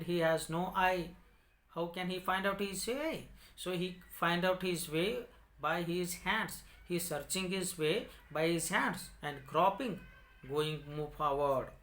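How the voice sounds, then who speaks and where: Bright-voiced male teacher explaining a story. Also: a little high. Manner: repetitive, explains word meanings in simple words. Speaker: English teacher.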